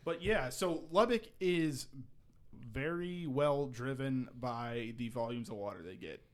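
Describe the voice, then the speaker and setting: A man's voice: mid-range voice, a little slow. A man from Texas with a Texan accent, co-hosting a casual outdoors podcast and explaining things at length. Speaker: podcast co-host.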